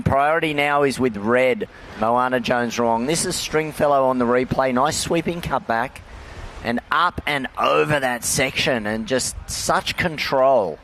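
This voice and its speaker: A man's voice: medium pitch, a bit bright, a little hiss or hum. A man doing live play-by-play for a surf contest, describing riders and scores. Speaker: surf commentator. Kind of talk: live sports commentary.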